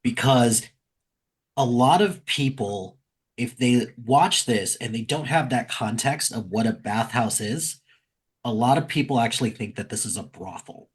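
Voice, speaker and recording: A man's voice: mid-range voice, animated, a little slow, breathy edge. An American man, co-host of a movie podcast, chatting casually and quoting lines in mock voices. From United States. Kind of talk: casual chat.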